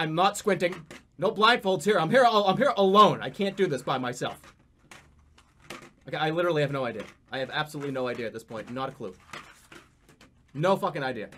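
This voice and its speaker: Animated, swearing male streamer. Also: on the high side. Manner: profane, animated, rambling. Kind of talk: casual livestream commentary.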